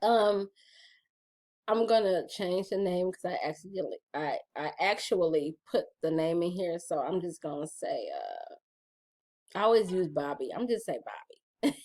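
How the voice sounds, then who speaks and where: A middle-aged woman talks straight to her audience in a loose, playful vlog chat, teasing them as y'all. Her pitch swings widely and brightly from phrase to phrase, full of animation. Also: very animated, normal speed. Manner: chatty, playful, addresses viewers as y'all. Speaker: vlogger reading her gratitude journal. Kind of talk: casual chat.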